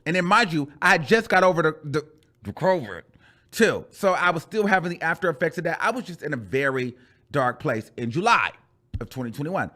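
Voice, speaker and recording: A man telling a storytime rant on his channel in a chatty, animated way, calling the listener "girl" and repeating phrases for emphasis. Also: on the high side, fairly quick. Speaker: YouTuber.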